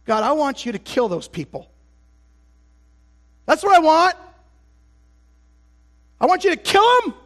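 A bitter, demanding male prophet, put on by a preacher in the middle of his sermon speaks in a very high, strained voice and insists that his enemies get no mercy. The voice comes out raised and insistent. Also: very animated, unhurried, pauses often, fairly bright tone, full character voice. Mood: vengeful. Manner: resentful, demanding.

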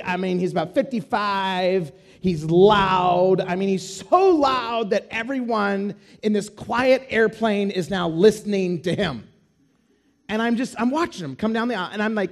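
A man's voice: high voice, normal speed. A man preaching a sermon, telling a story with acted-out dialogue. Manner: animated storyteller acting out dialogue.

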